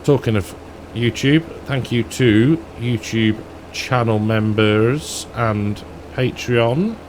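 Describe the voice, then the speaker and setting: A man's voice: mid-range voice, slow, darkish tone, slight background noise. A man giving casual, rambling commentary over a farming game, thinking aloud and chuckling now and then. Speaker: gaming YouTuber.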